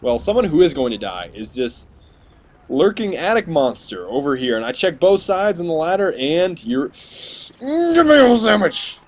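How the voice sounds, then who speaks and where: A man's voice: on the high side, sing-song, normal speed, a little mellow. A man narrating his shooter gameplay in a rambling, sarcastic, joking voice-over. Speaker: gaming commentator.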